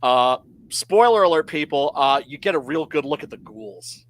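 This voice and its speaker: A man co-hosting a casual movie chat, animated and mocking, with plenty of "uh" and "like". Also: on the high side, moderate pace. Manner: animated, mocking quoted voices. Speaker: co-host. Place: convention livestream.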